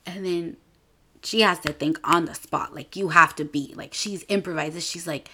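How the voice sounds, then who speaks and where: A woman's voice: normal speed, bright, forceful tone, a little hiss or hum. A woman in her twenties, hosting a podcast and retelling a movie in a casual chat, using lots of filler "like"s. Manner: chatty, with many filler "like"s; acts out characters' lines in a higher voice. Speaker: podcast host.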